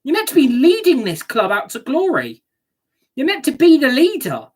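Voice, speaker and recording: A woman's voice: sits high, huge pitch swings, moderate pace, darkish tone. A woman ranting angrily as a football fan reacting to a match, sweary and scornful.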